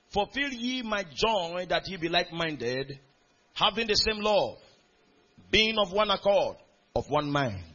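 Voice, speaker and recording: A man's voice: high-pitched, bright, forceful tone, highs cut off. A man preaching a sermon in a church hall, reading scripture aloud and calling out questions to the congregation. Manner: reads scripture aloud in a rising, building cadence. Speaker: pastor.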